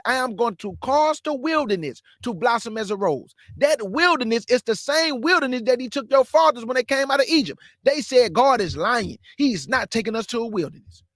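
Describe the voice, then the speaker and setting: High-voiced fast-talking preacher man. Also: expressive, a bit bright, no room sound, studio quality. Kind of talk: live-streamed bible teaching.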